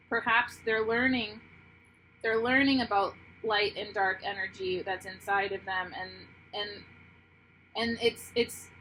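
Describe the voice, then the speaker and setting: An earnest woman reads tarot for her viewers in a slow, unhurried way. Her voice sits a little high and rings bright, and she speaks from the heart, stopping and restarting as she gathers her thoughts. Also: slight background noise, low-quality recording. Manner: earnest and heartfelt, pausing and restarting, moved to emotion. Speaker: tarot reader. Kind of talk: intuitive tarot reading to camera.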